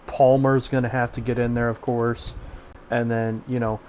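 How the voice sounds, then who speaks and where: A man's voice: medium pitch, level tone, moderate pace, darkish tone, highs cut off, a little hiss or hum. A man giving casual basketball analysis over voice chat, talkative and full of fillers. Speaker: basketball commentator.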